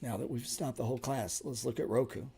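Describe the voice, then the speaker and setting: Teaching trading in a casual live session, this man speaks fast with bluntness and emphasis, heavy on profanity and sarcastic asides. His medium-pitched voice is creaky and dark-toned with a breathy edge.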